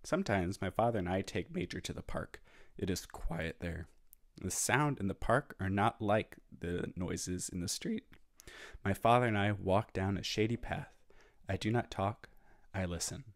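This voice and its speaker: A music teacher reading a picture book aloud to children, with sound effects made by mouth. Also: male voice, lowish voice, normal speed, no echo, studio quality. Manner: plain storybook reading that acts out sound effects. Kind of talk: children's read-aloud and activity.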